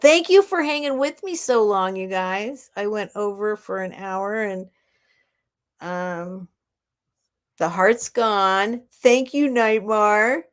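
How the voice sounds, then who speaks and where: A woman hosting a live online sale at home, chatting casually and rambling with soft laughs. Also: mid-range voice, slow, clean tone. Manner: rambling and warm-hearted, with frequent soft laughs. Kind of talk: casual live-stream chat.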